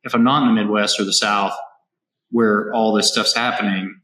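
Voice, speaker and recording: A man with a low voice tells his farming story as an interview guest, energetic and full of restarts. He sounds from Kansas. The room around him is echoey. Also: moderate pace. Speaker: farmer and robotics company founder, guest. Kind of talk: casual interview conversation. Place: on a farm.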